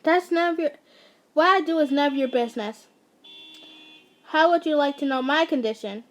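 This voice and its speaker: A woman voicing a big, muscular male kidnapper who has a high voice and is quick to take offense. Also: natural voice. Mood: defensive.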